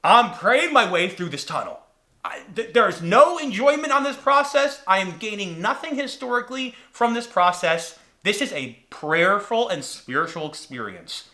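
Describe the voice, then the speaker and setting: A young man hosting a podcast with a bright, forceful voice. He tells the story casually, with a lively pitch that swoops up and down as he acts out each moment with dramatic energy. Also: moderate pace. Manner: animated, dramatic reenactments. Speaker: podcast host.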